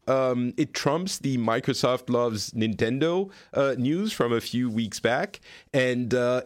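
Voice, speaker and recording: A man's voice: medium pitch, no echo, studio quality. A man hosting a gaming podcast from an office, chatting casually and joking. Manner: lively, joking, self-deprecating. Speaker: podcast host. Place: office in Paris with people working nearby.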